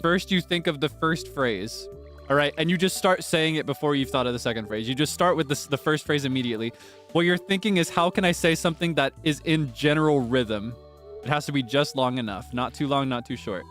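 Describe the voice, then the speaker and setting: A man's voice: a little high, brisk, fairly bright tone, soft background music. Chatty male game streamer. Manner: chatty, talks straight to viewers. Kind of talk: casual gameplay stream chat.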